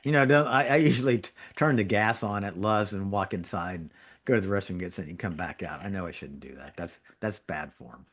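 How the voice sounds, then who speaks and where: A man's voice: low-pitched, a little fast, a bit bright. A middle-aged man, a trauma surgeon and regular podcast guest, telling anecdotes in casual chat, laughing as he goes and acting out quotes. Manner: chatty storyteller who laughs through anecdotes and acts out quotes.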